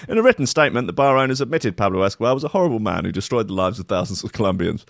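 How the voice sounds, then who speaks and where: In clean, dry studio audio, a radio host with a low-leaning, fry-tinged voice fires off a news story at rapid speed, his pitch swinging widely. He mocks the piece with swearing, sarcastic asides in a casual, comedic way.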